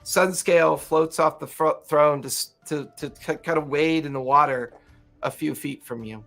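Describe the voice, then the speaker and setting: A man narrating as game master of a tabletop game, in a relaxed, conversational way. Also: on the high side, moderate pace, vocal fry, soft background music.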